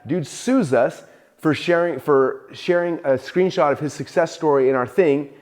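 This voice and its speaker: A man in casual conversation, telling stories with many fillers and restarts, jumping into a high voice to act out his own panic. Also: normal speed. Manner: animated storytelling, acts out his own panic in a raised voice. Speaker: host and entrepreneur.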